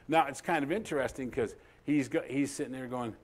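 Man preaching with loud-then-hushed swings. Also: medium pitch, fairly quick. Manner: storytelling, swinging between loud emphatic lines and soft, hushed ones. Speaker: pastor. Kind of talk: sermon.

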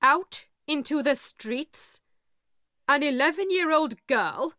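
A woman voicing a calm, blunt male lawyer who speaks in a measured, matter-of-fact way. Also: high voice, dry recording, studio quality, pitched above the performer's own voice, full character voice.

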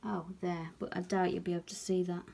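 A young British woman shows off her new pet tarantula in a casual home vlog, often cooing at it in a high, slow baby voice. Otherwise her delivery is flat and warm, with vocal fry.

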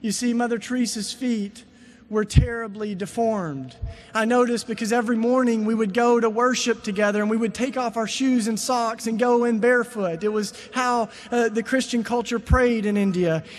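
A man with a notably high voice delivers a sermon. He tells his stories in a casual, conversational way. At key points he rises into emphatic, fervent preaching. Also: fairly even intonation, moderate pace, in a large hall, a little hiss or hum. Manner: storytelling, rising to emphatic preaching. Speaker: speaker.

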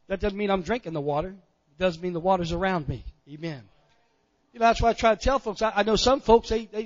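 High-voiced preaching man, frequent amens. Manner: folksy preaching with frequent amens, swelling loud on key phrases. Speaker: pastor. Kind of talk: sermon. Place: church sanctuary. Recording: dull church recording with long reverb.

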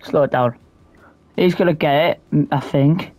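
A man reacting live to a football video game, excitable and cursing at every miss. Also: on the high side, unhurried. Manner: excitable, swears and shouts at the game. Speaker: gamer.

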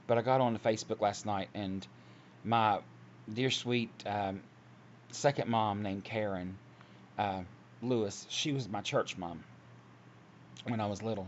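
A man preaching casually from home, earnest and rambling, with many restarts. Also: lowish voice. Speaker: online Christian video preacher. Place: at home, seated. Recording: dull lo-fi audio with faint hiss.

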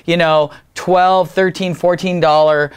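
A man's voice: a little high, little pitch movement, unhurried, smooth. A man co-hosting a casual wine tasting chat, enthusiastic and opinionated, laughing easily as he talks. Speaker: wine reviewer, co-host.

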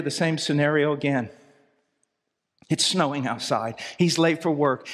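A man delivers a sermon in a high, urgent voice that climbs to near-shouts and drops to hushed, low lines. The sound carries a long reverb, as from a large church hall. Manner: impassioned, swinging from soft low asides to raised cries. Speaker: preacher.

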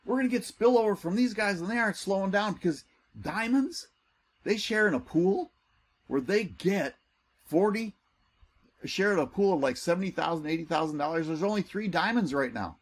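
A man giving an excitable, salesy screen-share walkthrough as a network marketing recruiter. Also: normal speed, husky. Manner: excitable and salesy, pitch jumps when enthused.

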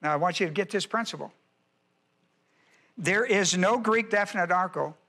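A male pastor with a high, bright voice works through scripture verse by verse at a moderate pace. He hammers each point emphatically, repeats key phrases, and quizzes his listeners on whether they follow, giving it the steady push of a classroom-style sermon.

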